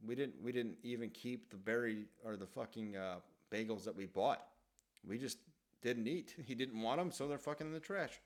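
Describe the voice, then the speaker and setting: A man's voice: medium pitch, moderate pace. A man in his thirties casually telling rambling, profane stories from his childhood in a self-deprecating way. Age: 30s. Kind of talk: casual storytelling monologue.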